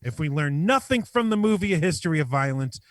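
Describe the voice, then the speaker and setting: A podcast co-host man with a somewhat high, lively voice reads a prepared joke statement word for word. He keeps a mock-serious, deadpan delivery. The sound is dry and close. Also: a little fast, dry recording. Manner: mock-dramatic, deadpan reading. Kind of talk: reading a prepared comedic bit.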